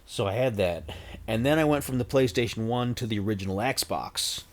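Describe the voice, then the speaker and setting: A man's voice: mid-range voice, normal speed. A man in his forties chatting casually on a livestream, rambling with self-deprecating, jokey asides into a desk microphone. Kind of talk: casual stream chat.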